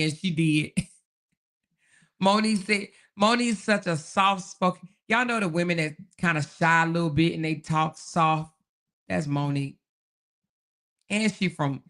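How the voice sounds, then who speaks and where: A woman's voice: lowish voice, fairly bright tone. A woman hosting a casual livestream, reading viewer comments and chatting in a folksy way, often laughing and calling her viewers baby, child and honey. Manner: laughs often while talking. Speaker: livestream host.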